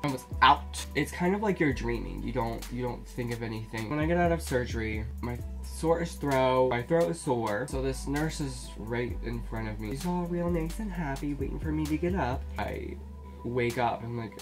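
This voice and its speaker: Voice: medium pitch, lively intonation, moderate pace, music in the background. Blunt, sarcastic vlogger telling a story. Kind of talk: casual storytelling to camera.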